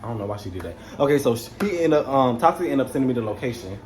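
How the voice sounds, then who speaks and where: A young man in the middle of a storytime, talking straight to his viewers in loose, slangy speech full of curses. His voice sits at an ordinary middle pitch. Behind him there is a faint background hum. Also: fast. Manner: animated, swears freely, slangy street talk. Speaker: vlogger telling a story. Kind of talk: casual storytime.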